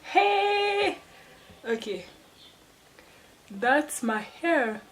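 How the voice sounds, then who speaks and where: A woman's voice: fairly low pitch, unhurried, noisy background. A woman vlogger chatting casually to the camera at home, rambling along with frequent restarts and little laughs. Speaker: hair-care vlogger. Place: at home, seated in front of a wall. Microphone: camera placed off to the side.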